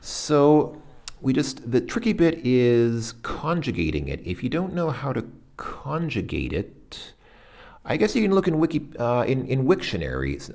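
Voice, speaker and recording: A low, creaky-voiced man hosting a language lesson thinks aloud through a workbook exercise, hesitant and searching, correcting himself and sounding out foreign words haltingly.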